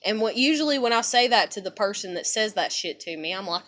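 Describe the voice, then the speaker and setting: A woman's voice: mid-range voice, expressive, a little fast, few pauses, a bit bright. A young woman from the United States ranting to camera in a profane, exasperated, emphatic way. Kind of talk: angry personal rant to camera.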